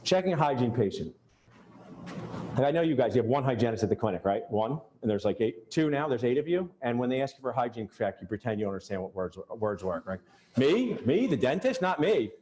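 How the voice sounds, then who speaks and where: A man's voice: medium pitch, expressive, fast talker, mellow. A man coaching a group at a live workshop, joking and talking straight at the audience. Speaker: dental practice coach leading a workshop. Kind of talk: live seminar talk to a group. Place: event room with attendees. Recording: roomy echo.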